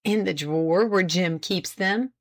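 A woman's voice: lowish voice, a little slow. A woman voicing a reluctant older male witness who gives short, grudging answers.

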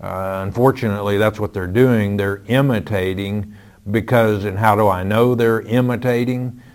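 A man's voice: lowish voice, steady tone, moderate pace, a little mellow. A man answering listener questions about the Bible on a call-in show, firm and matter-of-fact, citing chapter and verse with frequent "uh" fillers.

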